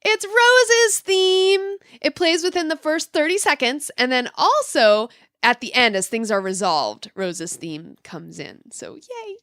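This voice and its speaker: A woman's voice: a little high, lively intonation, measured pace, fairly bright tone, no room sound. A woman co-hosting a podcast in casual chat, enthusiastic and bubbly, laughing often. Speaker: podcast co-host.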